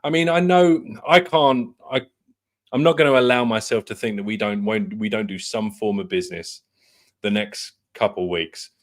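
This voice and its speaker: A man co-hosting a casual football podcast, chatty and quick to laugh. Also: on the low side. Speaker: co-host.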